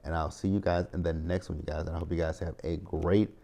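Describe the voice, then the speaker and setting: Deep-voiced man chatting a TV recap. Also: flat delivery, fast talker, creaky, dark tone, a little hiss or hum. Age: 30s. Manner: chatty, opinionated, talks straight to viewers. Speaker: TV recap host. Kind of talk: casual reality-TV recap.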